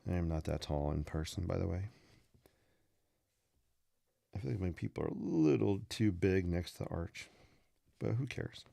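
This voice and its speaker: A man's voice: low-pitched, moderate pace, gravelly, pauses often, mellow. A man hosting a live drawing stream, chatting casually and playfully with viewers and making puns as he sketches.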